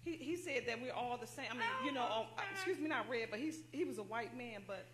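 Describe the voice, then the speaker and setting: A woman giving an excited testimony at a church service, calling out to the congregation as she tells her story. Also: on the high side, fast, over a noisy crowd. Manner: excited, talks straight to the congregation with "y'all".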